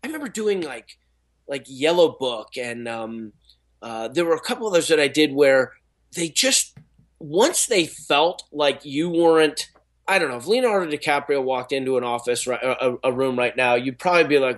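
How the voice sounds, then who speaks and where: Speaking at normal speed with lively intonation and a voice on the high side, a middle-aged actor and speaker chats in a casual interview. His storytelling rambles, full of fillers and false starts.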